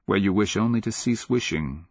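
A man narrating a fantasy audiobook in a measured, grave, steady reading, in a dry and slightly dull studio recording. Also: lowish voice, gravelly, slightly rough, no room sound. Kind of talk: scripted narration.

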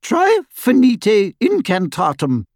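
A man reading an audiobook, voicing a clever, anxious teenage witch girl who gives quick, precise instructions. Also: high voice, wildly swooping pitch, creaky, a little mellow, no echo, studio quality, pitched above the performer's own voice, heavily acted. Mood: instructive.

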